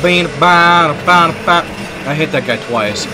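A man streaming a car game, joking and yelling at the game as he plays. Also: fairly high pitch, music in the background. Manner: joking, animated, quick to laugh and yell at the game. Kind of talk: casual gaming stream commentary.

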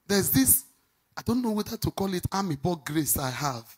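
A middle-aged woman pastor preaching a sermon, swinging from loud outbursts to quiet asides. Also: moderate pace, breathy edge. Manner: animated preaching, swinging between shouts and low asides.

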